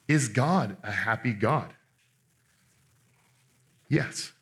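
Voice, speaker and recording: A man preaching a sermon in an animated, conversational way, restarting often and acting out the people he quotes. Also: mid-range voice, a little slow, pauses often. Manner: acts out quoted speakers in voices. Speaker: pastor.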